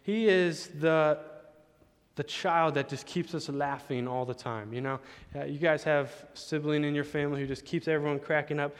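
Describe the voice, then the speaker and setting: A man's voice: on the high side, steady tone, moderate pace, clear, resonant tone. A man preaching a sermon, telling chatty stories about his young son and acting out the dialogue. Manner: storytelling, chatty, acts out dialogue. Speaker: pastor. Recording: long hall reverb.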